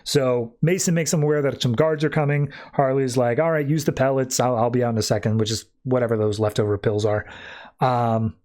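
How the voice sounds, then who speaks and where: A man's voice: mid-range voice, steady tone, fairly quick, darkish tone. A man co-hosting a podcast, recapping a comic story in a casual, filler-heavy way and briefly voicing the characters as he quotes them. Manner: retells the plot, quoting characters in brief put-on voices. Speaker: podcast co-host.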